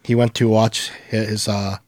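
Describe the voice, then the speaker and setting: A man's voice: on the low side, little pitch movement, normal speed, darkish tone, no room sound, studio quality. A man co-hosting a podcast in casual chat, mostly giving short laid-back replies. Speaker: podcast co-host.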